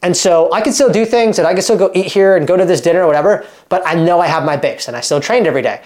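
A man in his thirties from Oregon, a fitness coach talking casually to camera in an animated, emphatic way, full of fillers and quick restarts. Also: sits high. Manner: animated and emphatic, acts out quoted dialogue.

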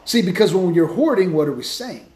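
A man hosting a Christian podcast, telling stories in a lively, casual way with many restarts. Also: sits high, a little fast, roomy sound. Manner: animated storytelling with many restarts. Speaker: podcast host, Christian speaker. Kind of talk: casual faith talk.

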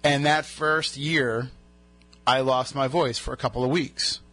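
A man's voice: mid-range voice, steady tone, measured pace, pushed and bright. A man hosting a radio show, telling rambling stories in casual banter, his voice just back from being lost. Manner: chatty, rambling storyteller. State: recovering from a lost voice.

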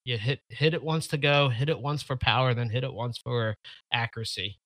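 A man's voice: mid-range voice, fairly even intonation, brisk, a bit bright, no echo. A man co-hosting a casual gaming podcast, talking bluntly and dismissively. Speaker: podcast co-host. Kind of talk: casual chat.

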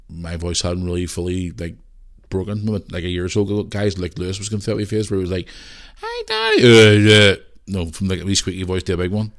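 A man from Belfast with a low, deep voice and a Northern Irish accent talks through listener questions on his solo podcast. His chat rambles loosely and is full of restarts and fillers, with the odd swear word thrown in. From Northern Ireland. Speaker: podcast host.

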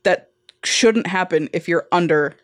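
A woman's voice: lowish voice, measured pace, no echo, clean studio sound. A woman co-hosting a casual gaming podcast, blunt and opinionated, swearing freely. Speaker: podcast co-host.

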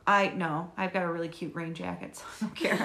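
Woman in her thirties, bright forceful voice, excitable, laughs a lot, swears casually, casual podcast chat. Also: medium pitch. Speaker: podcast co-host.

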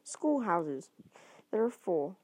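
A woman's voice: lowish voice, very animated, slow, a little mellow, slightly rough, full character voice. A woman voicing a kindly half-giant man in an amateur audiobook reading, homely and reassuring, sometimes stumbling.

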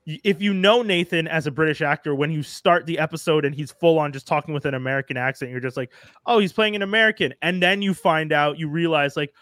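A man's voice: a little high, fast talker, few pauses, a bit bright, dry recording, clean studio sound. A man co-hosting a podcast, chatting casually and with enthusiasm about shows and actors. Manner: enthusiastic, talkative, slangy. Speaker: podcast co-host. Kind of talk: casual chat.

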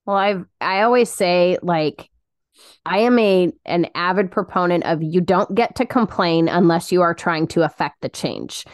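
A woman co-hosting a faith podcast, giving earnest advice in a casual, halting way. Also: fairly low pitch, dry recording, studio quality. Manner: earnest, advising, halting restarts. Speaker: podcast co-host.

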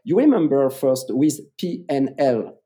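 A man with a French accent explains public speaking techniques as a coach. His pitch swings widely as he stresses words, and he often repeats them for emphasis. His tone is dark and mellow. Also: sing-song, unhurried. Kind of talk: explaining in an interview.

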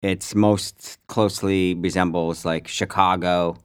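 Low-voiced guy w faint upstate new york accent, wry and grumbly, chatting on a podcast. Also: steady tone, slow, clean tone. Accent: upstate New York, softened. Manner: wry, rambling, mock-grumpy. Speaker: podcast co-host. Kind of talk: casual podcast chat.

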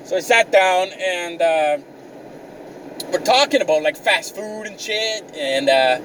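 A man's voice: high-pitched, lively intonation, slow, fairly bright tone, far from the mic, a little hiss or hum, low-quality recording. A young man vlogging outdoors on the move, telling a rambling, profane, sarcastic comic story. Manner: rambling, swears constantly, sarcastic. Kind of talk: profane comedic rant.

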